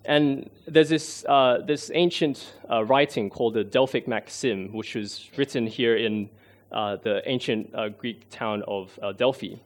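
A man, giving a sermon in an earnest, self-deprecating way, often pausing with fillers. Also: medium pitch. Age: 20s. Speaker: lay preacher.

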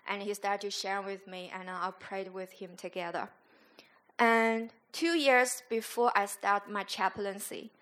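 A woman school chaplain giving an earnest, halting church testimony, sometimes searching for her words. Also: mid-range voice, fairly bright tone.

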